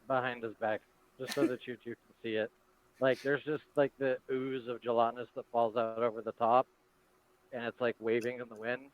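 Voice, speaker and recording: Mid-pitched man describing a scene. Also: level tone, moderate pace, a little hiss or hum, poor audio. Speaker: player. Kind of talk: describing scenes in a tabletop game.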